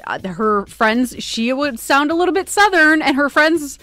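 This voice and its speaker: A woman's voice: high voice, animated, a little slow, pushed and bright, dry recording, faint music behind. A woman from Canada co-hosting a morning radio show, chatty as she walks through news items in a studio. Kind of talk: casual radio banter.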